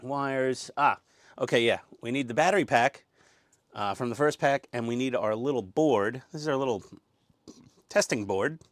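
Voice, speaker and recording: A man's voice: medium pitch, normal speed, dry recording, clean studio sound. Jokey man hosting a model build. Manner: jokey, self-mocking, rambling. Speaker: host. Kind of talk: casual hobby build vlog. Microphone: lapel mic.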